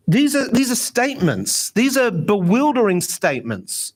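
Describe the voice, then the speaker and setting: Male rabbi, high voice, informal gathering talk, chatty and self-deprecating. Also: normal speed, hardly any pauses. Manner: lively, chatty, self-mocking. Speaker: rabbi teaching meditation.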